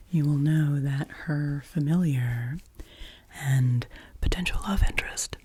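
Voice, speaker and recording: A woman hosting ASMR, chatting in a soft, meandering, playful whisper and softly repeating her phrases. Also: sits low, breathy edge. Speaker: ASMR channel host.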